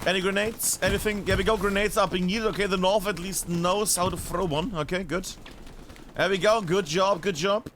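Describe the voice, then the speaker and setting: German man, high-pitched voice, live game commentary, chatty and animated, gunfire behind. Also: normal speed, slight background noise. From northern Bavaria, Germany. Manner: chatty, animated, swears casually. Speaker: esports caster.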